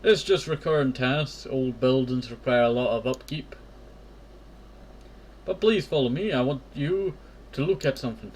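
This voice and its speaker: A man voicing a teasing high-school girl who helps at the church, in a light, mocking tone. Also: normal speed, pauses often, darkish tone, a little hiss or hum.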